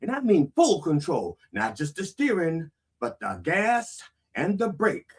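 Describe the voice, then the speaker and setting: Husky man doing a bawdy preacher parody. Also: fairly high pitch, huge pitch swings, measured pace. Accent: American. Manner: preacherly, bawdy, repeats "that's right". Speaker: comedic preacher host. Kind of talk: parody sermon.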